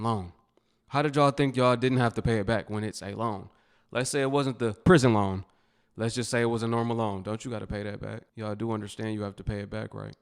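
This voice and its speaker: Blunt low-voiced man commentator. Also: fairly quick, clean tone. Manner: blunt and mocking. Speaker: commentator reacting to clips. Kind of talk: casual reaction commentary.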